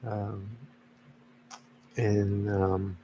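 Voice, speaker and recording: Slow, halting man, low voice. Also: completely flat delivery, warm tone, a little hiss or hum. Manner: slow, halting, many fillers and pauses. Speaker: father. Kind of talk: casual talk to camera. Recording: dull lo-fi recording.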